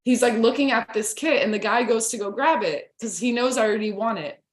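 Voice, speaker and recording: A woman talks as a podcast guest, swept up in her own stories and scattering "like" through every sentence. Her voice sits a little high. The room around her echoes noticeably. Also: brisk. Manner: excited storytelling, heavy use of "like". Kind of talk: casual podcast conversation.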